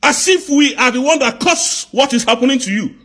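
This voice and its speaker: A man with a Nigerian accent in an angry live rant, firing off accusing rhetorical questions and sometimes shouting. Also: very high voice, animated, fairly quick. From southeast Nigeria.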